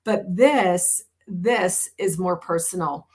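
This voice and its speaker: An older woman hosting a podcast, speaking in an earnest, emphatic way and slowing down when she reads aloud. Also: on the low side. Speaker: podcast host. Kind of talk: warm reflective podcast conversation.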